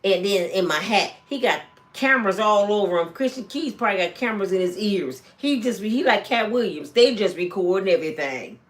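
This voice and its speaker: A woman vlogger talks gossip in a casual, lively storytelling way. She jumps into high-pitched voices when she quotes people. Her middle-range voice stays chatty and animated. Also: fairly quick. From Michigan, USA.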